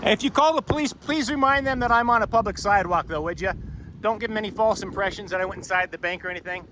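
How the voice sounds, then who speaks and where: A man doing on-camera commentary while filming in public, sarcastic and wry, halting with many fillers. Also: high voice, bright, forceful tone. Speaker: first amendment auditor filming in public. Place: public sidewalk outdoors. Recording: outdoor street noise. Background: street and traffic noise.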